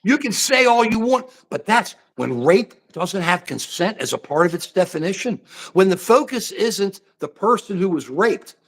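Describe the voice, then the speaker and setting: A man's voice: sits high, moderate pace. An older man hosting a livestream, ranting heatedly and animatedly about the news. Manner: ranting, animated, mocking put-on voices. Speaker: show host. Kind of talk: heated political livestream chat.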